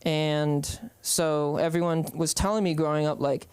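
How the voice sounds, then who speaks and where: A man's voice: on the high side, fairly even intonation, measured pace, few pauses, a little mellow, clean tone, no echo. A young man from the Bay Area doing open-mic stand-up, rambling with lots of ums and hesitations. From San Francisco Bay Area. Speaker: stand-up comedian.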